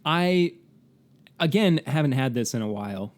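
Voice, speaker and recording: It's casual podcast chat: a male co-host walks through facts, dropping in fillers and laughing often. His voice is mid-range and expressive, at a moderate pace.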